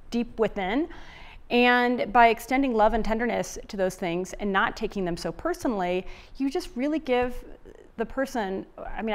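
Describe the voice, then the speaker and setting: A middle-aged woman talks through relationship advice in a loose, conversational way. She is chatty, with frequent fillers and restarts. Her pitch sits at an ordinary middle level for a woman. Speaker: relationship author and speaker. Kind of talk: summit talk, casual and conversational.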